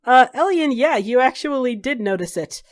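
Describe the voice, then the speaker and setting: A woman's voice: high voice, animated, moderate pace. Woman game master, chatty storyteller in a tabletop game. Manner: storytelling with many fillers.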